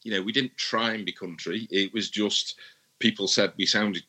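A man chatting as a guest in an interview, relaxed and often repeating words while he thinks. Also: fairly low pitch, normal speed, slightly rough. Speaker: musician guest. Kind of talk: casual interview chat.

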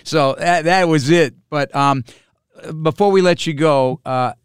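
A man hosting a sports podcast and interviewing a guest, speaking in a measured broadcaster's way with frequent fillers. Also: on the high side, clean tone, no room sound, clean studio sound.

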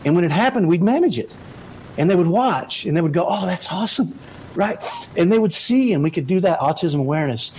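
Brief: energetic dad giving a motivational parenting talk, tenor-leaning voice, faint hum behind. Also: male voice, sits high, quick pace, low-quality recording. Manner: energetic, keeps asking "right?". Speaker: parent sharing autism parenting advice.

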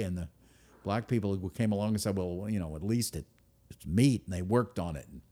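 A man giving a speech to an audience, emphatic, with sudden loud stresses and drops to a near-whisper. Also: fairly low pitch. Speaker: speaker.

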